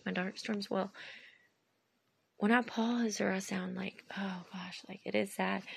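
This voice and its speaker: Thirties woman with a deep-fried, raspy voice; weary, emotional, wandering personal talk. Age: 30s. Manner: rambling, heartfelt, trails off and restarts; emotional, near tears at times. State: drained and tired.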